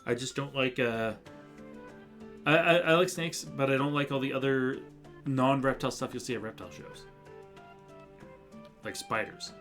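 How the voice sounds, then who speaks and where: A man's voice: medium pitch, normal speed, long pauses, fairly bright tone. A male streamer chatting casually during a live stream, laughing easily and swearing now and then. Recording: game music behind voice.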